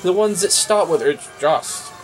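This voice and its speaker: Posh, excitable English gentleman, a woman acting, animated and oblivious; comedy audio drama. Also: on the low side, unhurried. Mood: pompous.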